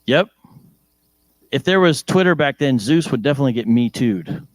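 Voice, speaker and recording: A male preacher with an American accent giving a lively sermon in church, joking and asking the congregation questions. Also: mid-range voice, moderate pace, no room sound.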